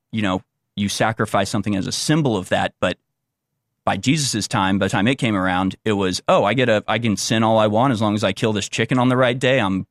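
Mocking man rambling in a dry, low voice. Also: dry recording. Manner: rambling with many restarts and fillers; sarcastic, mocking quoted voices. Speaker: political commentator. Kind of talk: unscripted monologue commentary.

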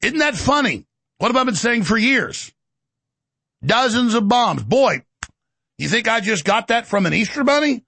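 A man hosting a talk show, ranting sarcastically with shouted bursts. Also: very high voice, big pitch swings, moderate pace, creaky, pauses often, slightly rough. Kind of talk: ranting monologue.

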